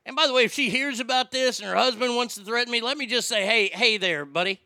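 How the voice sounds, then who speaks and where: A man's voice: very high-pitched, fast, vocal fry, pushed and bright, no room sound, studio quality. A middle-aged man hosting a talk show, ranting with blunt opinions and stammering restarts.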